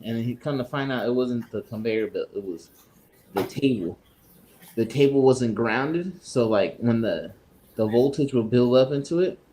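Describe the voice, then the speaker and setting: A man's voice: slight background noise, poor audio. A man co-hosting a podcast, telling a rambling, profane work story in a casual way and acting out the people in it. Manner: animated, acts out others in raised pitch. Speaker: podcast co-host.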